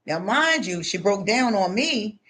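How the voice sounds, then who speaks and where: An older woman tells a story in a spiritual monologue, acting out the quoted voices with big pitch jumps. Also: sing-song, measured pace, fairly bright tone. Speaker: spiritual speaker.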